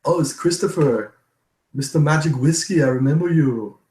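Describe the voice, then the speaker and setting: A man doing an impression of a famous film actor, with strange pauses and a drawn-out, wondering delivery. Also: fairly high pitch, a little mellow, reverberant, voice pushed up, natural voice, poor audio. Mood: odd wonder.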